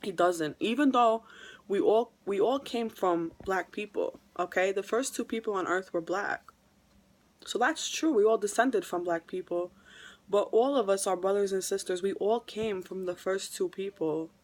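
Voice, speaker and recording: A woman's voice: medium pitch, normal speed. New woman, vlogger, heartfelt testimony delivery, repeats herself for weight. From New York. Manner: emotional, repeats phrases for emphasis. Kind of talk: earnest religious testimony vlog.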